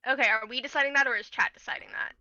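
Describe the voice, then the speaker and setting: An eager, chatty woman rolling dice for her tabletop character, her voice high and very bright. She talks over a video call, and the sound is close and dry with no room around it. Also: no room sound, dull audio. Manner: eager, chatty, quick to laugh. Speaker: tabletop game player. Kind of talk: casual chat.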